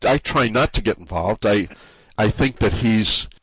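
Halting New England man, dry and close. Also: on the low side, a bit bright, slightly rough, no room sound. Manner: halting, many restarts and repeated words. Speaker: forum site owner being interviewed. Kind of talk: casual conversational interview.

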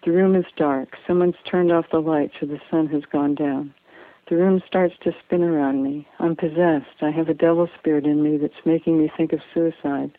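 A woman reading her own first-person story in a quiet, earnest, confessional way, on a tinny, dry recording. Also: sits low, dry recording. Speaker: memoir reader. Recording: tinny phone-like dry sound.

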